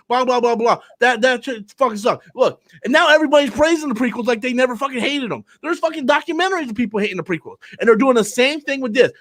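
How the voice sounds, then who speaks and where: A man's voice: extremely high pitch, lively intonation, fast talker, hardly any pauses, fairly bright tone. A young man hosting a live online discussion, ranting with lots of swearing and stammering over repeated words. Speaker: show host.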